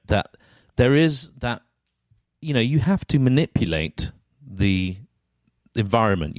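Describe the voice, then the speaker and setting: A man's voice: fairly low pitch, no room sound, studio quality. A man hosting an interview, thinking aloud with many fillers and restarts as he asks his questions. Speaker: podcast host. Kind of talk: casual interview chat.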